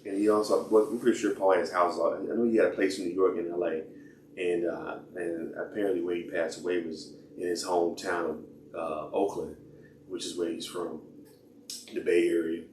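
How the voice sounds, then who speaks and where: Deep-voiced man rambling in an echoey room. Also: level tone, normal speed, a little mellow. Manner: rambling, hesitant, many fillers and restarts. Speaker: podcast host. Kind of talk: casual solo podcast talk. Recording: echoey room, mic at a distance, faint noise.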